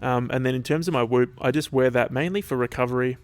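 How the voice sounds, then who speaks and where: A man's voice: mid-range voice, fast talker, no room sound. A young Australian man hosting his podcast alone, chatting casually in a loose, rambling and sweary way. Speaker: podcast host. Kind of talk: casual solo chat.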